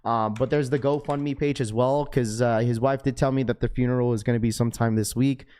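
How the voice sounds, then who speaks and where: A man with a raspy voice hosting a sneaker livestream, chatting casually in slang and reading chat messages aloud. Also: mid-range voice, fairly even intonation, fairly quick, mellow. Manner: laid-back, slangy, full of fillers.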